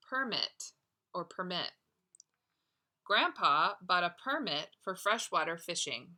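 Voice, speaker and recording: Slow, gravelly-voiced woman teacher. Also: lowish voice, pushed and bright. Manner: slow, deliberate word-by-word dictation; affectionate toward students. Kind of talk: dictating a spelling test.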